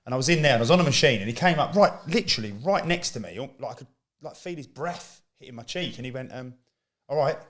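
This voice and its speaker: A man's voice: mid-range voice, animated, quick pace, a bit bright. Man telling a dry anecdote. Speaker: co-host, former footballer. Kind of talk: casual podcast chat.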